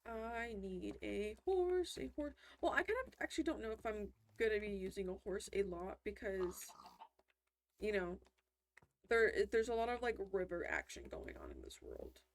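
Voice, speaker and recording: Animated and medium-pitched, this female gaming commentator speaks at a moderate pace. She chats casually while playing a video game, rambling and often cutting herself off mid-sentence.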